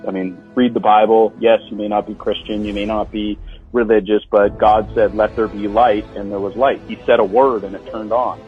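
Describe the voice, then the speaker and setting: A man's voice: lowish voice, level tone, normal speed. A man on a podcast lecturing about hidden meanings, building chains of wordplay and asking rhetorical questions. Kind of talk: podcast conversation. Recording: dull lo-fi audio with faint music.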